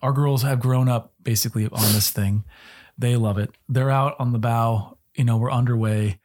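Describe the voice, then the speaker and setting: A man's voice: medium pitch, fairly even intonation, moderate pace, darkish tone. A middle-aged man co-hosting a casual faith-based parenting chat, earnest and a little preachy with joking asides. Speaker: podcast co-host.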